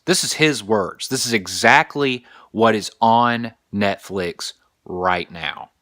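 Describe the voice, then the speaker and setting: Young male podcast host, slow-paced and animated, bright forward tone, dry close recording. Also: medium pitch, no room sound. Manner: animated storytelling, crude and emphatic. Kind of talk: casual comedic monologue.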